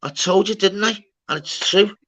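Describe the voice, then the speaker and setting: A man, chatting casually with a friend as host of a livestream, slangy and loud. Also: sits high, moderate pace.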